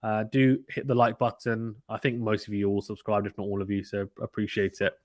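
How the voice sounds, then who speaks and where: A man from the United Kingdom hosting a casual live cricket watchalong, reading viewer comments aloud and getting excited at big shots. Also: on the low side, fairly quick. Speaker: host reading live chat.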